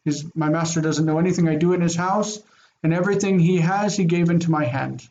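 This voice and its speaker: Brief: male Hebrew teacher, slightly high voice, reads and translates line by line, dull lo-fi audio. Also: darkish tone. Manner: reads Hebrew aloud then translates, repeats phrases slowly. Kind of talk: screen-shared lesson, reading and translating.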